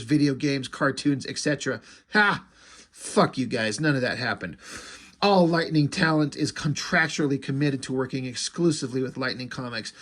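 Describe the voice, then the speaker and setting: A man reviewing a comic in a casual, profane rant, mocking what he reads. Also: fairly high pitch. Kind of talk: casual ranting commentary.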